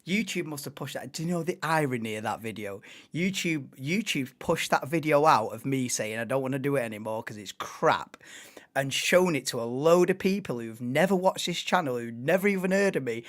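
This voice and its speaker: A man's voice: medium pitch, a little fast. A man in his thirties hosting a live stream, ranting and laughing in casual chat. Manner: ranting, laughing, animated banter. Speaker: livestream host.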